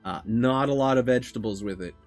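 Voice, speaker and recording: A man narrating a tabletop game as its game master, relaxed and casual. His voice sits at an ordinary middle pitch. Faint music plays beneath him. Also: fairly quick.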